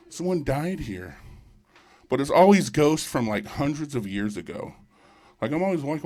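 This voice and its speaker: A man's voice: mid-range voice, lively intonation, a little slow. A man working a live stand-up set in an ordinary mid-range voice. His delivery is loose and rambling, full of crude jokes and jabs at the crowd. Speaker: stand-up comedian. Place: live comedy show with audience.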